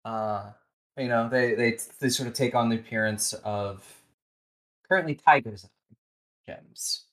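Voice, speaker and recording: Soft, slow-talking game master. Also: mid-range voice, rough recording. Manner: soft-spoken, hesitant with many fillers. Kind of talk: narrating a tabletop game.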